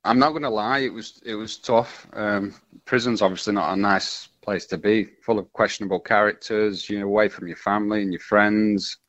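A man, telling his story as a radio interview guest, halting and full of restarts. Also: fairly low pitch, steady tone, a bit bright, no room sound, lo-fi sound.

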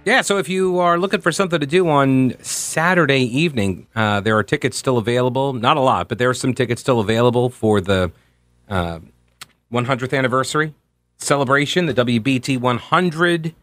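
A man in his forties hosts a talk radio show, speaking into a close studio microphone in a dry booth. He chats candidly through personal stories, with animated little asides at a mid-range pitch. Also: a little fast, no echo. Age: 40s. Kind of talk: conversational talk radio monologue.

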